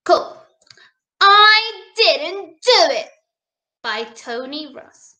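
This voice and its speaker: A woman reads a picture book aloud to children, animated and coaxing. Her voice is very high and bright, and she takes her time. The room around her is echoey. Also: drawn-out words. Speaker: storybook reader.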